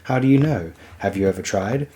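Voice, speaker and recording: A sly, mocking crow circles a falling boy in a storybook dream, as a man reading aloud puts it on. The voice stays close to his own low register with a teasing lilt. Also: brisk, dark tone, natural voice.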